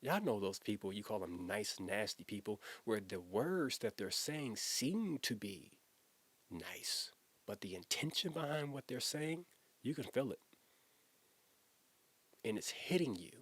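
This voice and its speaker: A man's voice: lowish voice, animated, a little slow, a bit bright, husky, no echo. A man, a former youth pastor, telling a personal story in an earnest, emotional, conversational way, often repeating himself as he talks.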